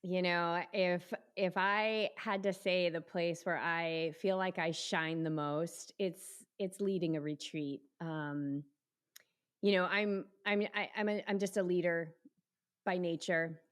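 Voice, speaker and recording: A middle-aged woman, a yoga teacher and triathlete, chats casually as an interview guest. She's animated and acts out quoted voices, speaking slowly in a smooth, lowish voice.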